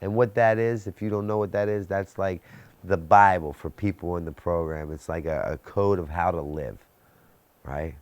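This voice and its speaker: This recovery speaker, a man in his thirties, has a low, steady voice at normal speed, recorded with no room sound. He shares his personal story of addiction and recovery intensely, advancing it with rhetorical questions.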